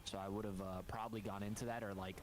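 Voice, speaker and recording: A man's voice: lowish voice, little pitch movement, fast, poor audio. A young adult man chatting casually as a co-host, rambling and laid-back, with lots of fillers. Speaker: YouTuber co-host. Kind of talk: casual chat.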